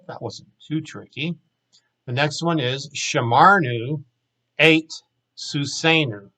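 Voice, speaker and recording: A man teaching a recorded language lesson, explaining plainly and saying each example word slowly twice. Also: a little high, bright, forceful tone, rough recording. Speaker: Hebrew teacher.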